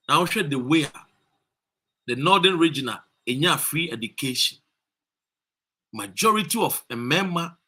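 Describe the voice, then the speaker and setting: Ghanaian guy livestreaming a protest, sharp bright voice, keeps hyping up viewers. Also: fairly high pitch, breathy edge. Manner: rousing, repeating calls and shout-outs to viewers. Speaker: activist streaming a demonstration. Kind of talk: live-streamed rally talk.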